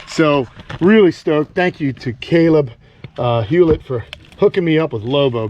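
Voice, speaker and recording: An enthusiastic man chatting casually in an outdoor vlog while walking around his animal camp. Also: a little high. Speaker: animal keeper and vlogger.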